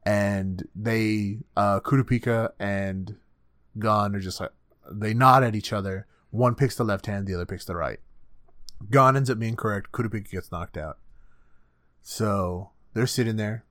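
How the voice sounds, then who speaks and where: A man's voice: lowish voice, unhurried, a bit bright, no room sound, clean studio sound. A man co-hosting a podcast, recapping anime in a profane, rambling casual chat. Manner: profane, rambling, acts out characters. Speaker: podcast co-host.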